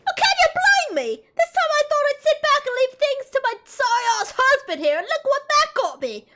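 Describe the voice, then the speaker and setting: A woman voicing a bossy, sharp-tongued middle-aged mother from a game, scolding in a put-on accent that drifts between Southern and British. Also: extremely high pitch, expressive, moderate pace, exaggerated voice. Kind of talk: reading game dialogue aloud.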